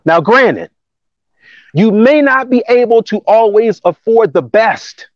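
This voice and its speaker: A man pastor preaching a lively, emphatic sermon, repeating key phrases and laughing now and then. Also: high voice, slow pace, dry recording, muffled recording. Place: church campus building.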